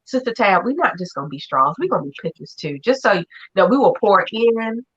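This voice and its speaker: A woman hosting a casual chat, talking in an effusive, animated way. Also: mid-range voice, fairly quick, slightly rough. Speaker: host. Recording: dull lo-fi audio.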